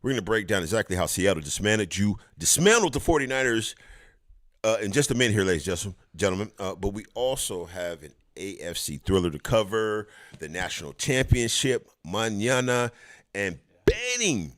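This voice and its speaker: Casting note: animated low-voiced male coach co-host, playful trash talk, dry close mic. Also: a little fast, no room sound. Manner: playful trash talk, teasing, hype-man energy. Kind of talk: casual sports podcast chat.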